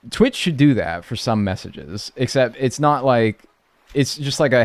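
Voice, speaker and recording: A man's voice: medium pitch, expressive, measured pace, no echo. A young man streaming a game, chatting casually in a rambling, joking and crude way. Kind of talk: casual gaming stream chat.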